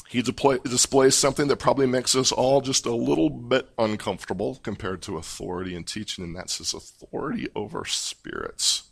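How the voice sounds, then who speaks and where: A man preaching a sermon, teaching through a Bible passage in a measured, emphatic way. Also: fairly low pitch, vocal fry, a bit bright, husky. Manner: measured, emphatic teaching delivery with pauses and restarts. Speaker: pastor. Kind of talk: expository sermon.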